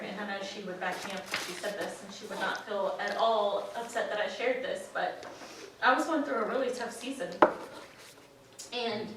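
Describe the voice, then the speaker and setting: A woman's voice: mid-range voice, heavy reverb, recorded from a distance, noisy background. A woman in a church group giving an emotional, heartfelt testimony, close to tears. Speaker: church member sharing a testimony.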